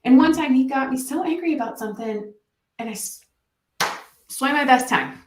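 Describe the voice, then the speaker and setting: A woman who works as a mental performance coach, a podcast guest telling stories in a lively way and acting out what people said. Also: high-pitched, moderate pace, reverberant, slight background noise. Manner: animated storytelling, acts out quotes. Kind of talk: podcast interview guest, casual chat.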